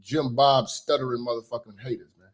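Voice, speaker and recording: A man doing profane reaction commentary in an animated, ranting manner. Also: medium pitch, fairly quick, noisy background. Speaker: commentary streamer.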